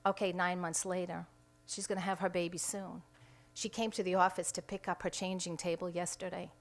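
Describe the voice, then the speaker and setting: A woman's voice: fairly low pitch, little pitch movement, a little fast. A middle-aged woman who directs a pregnancy center, giving an emphatic press conference statement at a podium microphone indoors. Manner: emphatic, re-enacts quoted dialogue. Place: indoor room at a state capitol.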